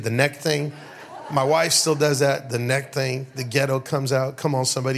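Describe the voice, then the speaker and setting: A man's voice: mid-range voice, fairly even intonation, moderate pace, creaky. A middle-aged man preaching a sermon to his church, telling funny stories and calling out to the congregation. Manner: storytelling, call-and-response with the congregation. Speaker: pastor. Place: church sanctuary.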